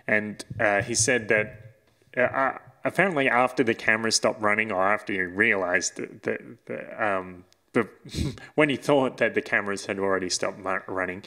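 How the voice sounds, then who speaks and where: A man's voice: lowish voice, a bit bright. A man co-hosting a casual chat podcast, rambling and hesitant with frequent laughs. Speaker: podcast co-host.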